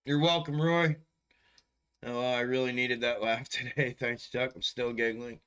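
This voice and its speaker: A man's voice: medium pitch, fairly even intonation, measured pace, a bit bright, smooth. A man hosting a stock market livestream in casual chat, laid-back and profane, often chuckling and calling viewers bro. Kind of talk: casual live-stream chat.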